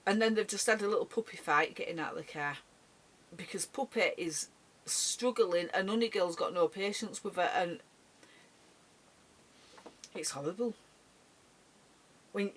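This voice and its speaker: A middle-aged woman talks straight to camera in a personal vlog. She speaks haltingly and emotionally, stumbling and repeating words as she goes. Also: a little high, a bit bright, breathy edge. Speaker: vlogger.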